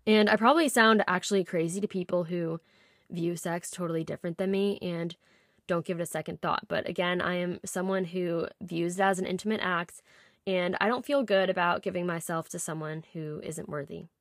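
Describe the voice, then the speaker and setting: A woman's voice: fairly low pitch, fairly even intonation, brisk, dry recording, clean studio sound. A woman in her twenties hosting a podcast, telling a personal story in a candid, confessional way with light laughs. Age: 20s. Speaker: podcast host.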